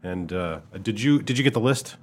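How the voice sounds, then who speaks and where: A man co-hosting a podcast with a Midwestern American accent, talking in a relaxed, rambling, self-deprecating way. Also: lowish voice, normal speed. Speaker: podcast co-host. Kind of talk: casual chat.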